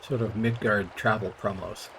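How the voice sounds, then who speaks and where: A man's voice: on the low side, fairly even intonation, normal speed, fairly bright tone, slight background noise. A middle-aged man casually telling rambling, wry stories while playing a game on a live stream. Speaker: gaming streamer.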